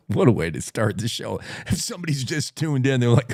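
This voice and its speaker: A man hosting a morning radio show rambles and jokes through a story, even playing a wolf in the first person. His medium-pitched voice is darkish, fairly quick and swings widely in pitch. It's a casual talk-radio monologue with clean studio sound and no room echo.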